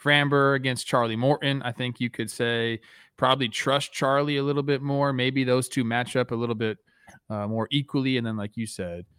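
A man in casual podcast chat, easygoing and joking. His voice is clean and smooth, recorded dry and close. He sits at an ordinary middle pitch. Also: moderate pace, no room sound. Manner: relaxed, joking, trails into laughter. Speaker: podcast co-host.

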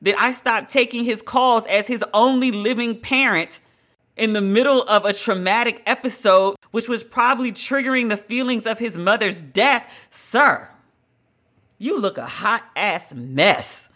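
A woman's voice: on the high side, unhurried, a bit bright. A woman hosting a solo podcast, talking in a blunt, emphatic, conversational way and drawing out the words she stresses. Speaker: podcast host.

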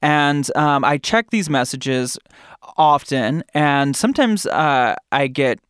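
A man's voice: on the high side, animated, takes it slowly, a bit bright, clear, resonant tone, no echo, studio quality. A man hosting a podcast in casual chat, with a chatty, playful, campy manner. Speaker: podcast host.

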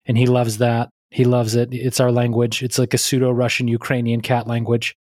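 A man's voice: mid-range voice, monotone, a little fast, few pauses, darkish tone, dry recording. Male podcast co-host, playful and chatty, mid-range voice, dry close sound. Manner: playful, breaks into silly pet voices. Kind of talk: casual podcast chat. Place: remote call.

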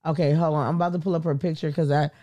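Brief: male co-host with a slightly high voice, reads headlines aloud. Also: level tone, racing, mellow. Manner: reads news updates aloud, jokes along. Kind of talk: casual chat.

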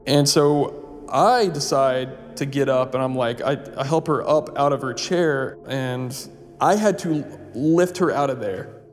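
A man's voice: mid-range voice, measured pace. A man telling a personal story in a casual, rambling way, full of fillers and restarts. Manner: rambling, full of "like" and "you know". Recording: long reverb, faint music.

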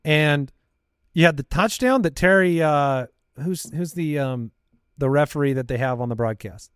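A man's voice: on the high side, moderate pace, clear, resonant tone, dry recording, studio quality. Upbeat man hosting a sports podcast. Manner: joking, runs the segment reading stat lines. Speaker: podcast host. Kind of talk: casual sports chat.

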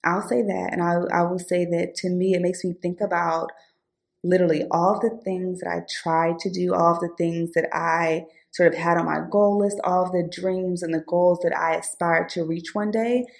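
A woman's voice: lowish voice, steady tone, normal speed, vocal fry. A woman co-hosting a podcast, talking earnestly and personally about her life and goals. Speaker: podcast co-host. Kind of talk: casual podcast chat.

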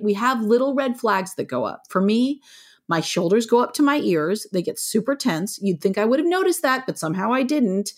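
A middle-aged woman, a parenting author, talking frankly and with animation in an interview. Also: medium pitch. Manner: frank, animated, plainspoken with mild swearing. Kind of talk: conversational interview.

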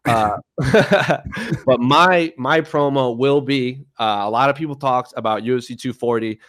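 A man co-hosting a casual podcast, chatty and quick to laugh. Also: mid-range voice, a bit bright, no room sound, studio quality. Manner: chatty, laughs easily, some restarts. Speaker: podcast co-host. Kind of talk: casual podcast chat about MMA.

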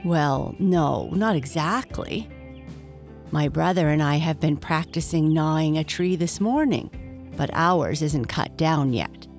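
A woman voicing an eager young male beaver who talks in a quick, excited way. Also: deep voice, faint music behind, heavily acted. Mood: earnest.

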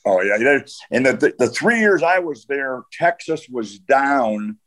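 An older man, a retired football coach, spins long, rambling stories as a podcast guest. His voice sits at an average pitch. He trails off into "uh" and restarts his sentences as he goes. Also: lively intonation, measured pace, a bit bright. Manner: rambling anecdotes with frequent "uh" and restarts. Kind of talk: storytelling in a podcast interview.

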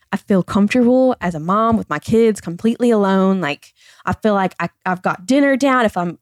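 A woman's voice: medium pitch, dry recording, studio quality. A woman in her thirties who talks earnestly in a candid personal conversation as a podcast guest, often saying "like" and "I feel like.".

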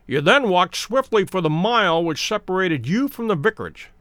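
A calm, stern detective, read by a male narrator who lays things out in a measured, exact way. The voice is fairly high and lively in its rise and fall, with a dry, close sound. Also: no room sound. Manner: measured and precise.

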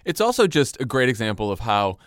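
A man's voice: mid-range voice, sing-song, fairly quick, dry recording, studio quality. A man hosting a casual political chat podcast, indignant, sarcastic and profane. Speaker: podcast host.

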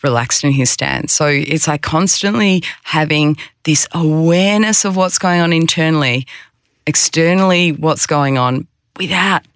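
Gravelly-voiced mindfulness coach. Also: fairly bright tone, no room sound, clean studio sound. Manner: acts out anxious self-talk in quick, higher bursts. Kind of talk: casual podcast conversation.

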